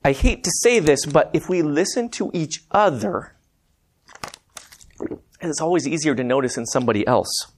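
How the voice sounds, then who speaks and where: A man's voice: a little high, lively intonation, moderate pace, pauses often, slight background noise. A man preaching a conversational sermon, telling stories and calling the congregation "guys". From Montana. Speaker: preacher and math teacher.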